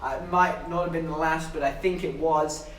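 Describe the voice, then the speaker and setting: A man's voice: a little high, fairly even intonation, normal speed, slight background noise. A young man streaming live and telling a story in a rambling, jokey, self-mocking way while he talks to his chat. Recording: roomy, distant from mic.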